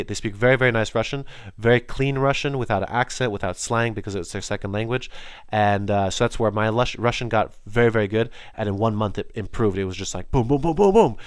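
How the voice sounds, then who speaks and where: A man's voice: on the low side, clear, resonant tone, dry recording, clean studio sound. Enthusiastic, rambling young man. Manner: enthusiastic, rambling, with many restarts. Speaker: podcast host. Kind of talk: casual solo monologue.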